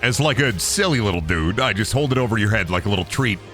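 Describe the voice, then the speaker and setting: Dude streaming a game, bright lively voice jumping up and down, rambly and self-roasting, quiet music under it. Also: male voice, lowish voice, quick pace. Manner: self-deprecating, rambling, jokey. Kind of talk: casual gaming stream chat.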